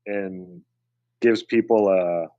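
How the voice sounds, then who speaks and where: A man with a lowish voice talks casually with friends on a podcast, telling stories with animation. The sound is dry and close, with a somewhat dull, lo-fi tone. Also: slow pace, no echo. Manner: animated storyteller, mimics people in high voices. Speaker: podcast co-host. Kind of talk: casual chat.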